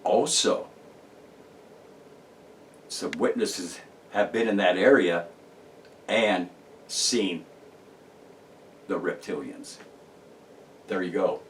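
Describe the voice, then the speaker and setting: Guy rambling about his research, lowish voice, kinda far from the mic, lots of uh and restarts. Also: extremely slow, pauses often, slight background noise. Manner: rambling, emphatic, frequent restarts and fillers. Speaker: paranormal researcher. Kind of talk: casual monologue to camera.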